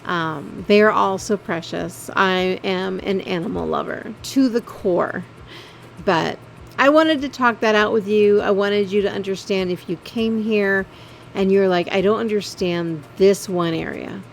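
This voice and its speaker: A woman narrating her gameplay video in a halting, heartfelt way, full of ums and visibly emotional. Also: mid-range voice, gravelly, a little hiss or hum. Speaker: game video creator. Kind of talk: casual voice-over narration of gameplay.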